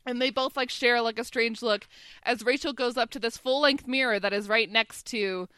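A woman's voice: on the high side, moderate pace, bright, forceful tone, clear, resonant tone, no room sound, studio quality. A young woman co-hosting a podcast in casual chat, recapping a TV episode with swearing, laughter and acted-out quotes. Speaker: podcast co-host.

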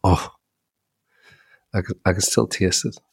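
A middle-aged man, co-hosting a chat podcast as an animated storyteller who often repeats his opening words. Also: deep voice, a little slow, gravelly, slightly rough, no room sound, studio quality. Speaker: podcast co-host. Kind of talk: casual chat.

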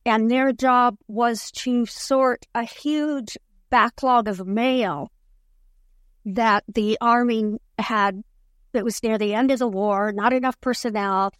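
A woman author being interviewed on a podcast, telling history in an earnest, measured way. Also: fairly high pitch, steady tone, no room sound, clean studio sound. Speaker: author guest.

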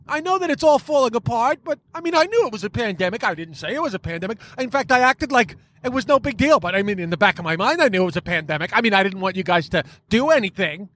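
A man's voice: very animated, fast, few pauses, a bit bright. A man doing a whiny, petulant man-child leader. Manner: high whining complaints.

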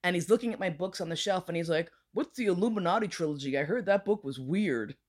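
This woman, a podcast guest with a fairly low voice, speaks quickly while sharing a bawdy anecdote casually. She swears freely and brings the story to life by voicing the other people's quoted lines.

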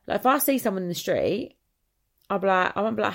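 A woman's voice: fairly low pitch, gravelly. A woman in her thirties with an Essex accent, hosting a casual, rambling solo podcast chat. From Essex, England. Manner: chatty, rambling, quick to quote others. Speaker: podcast host.

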